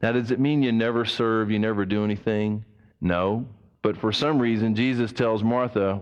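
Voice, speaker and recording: Emphatic pastor preaching in a hall. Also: male voice, on the low side, fairly even intonation, normal speed, clear, resonant tone, muffled recording. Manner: emphatic, swings between raised and hushed delivery. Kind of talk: sermon.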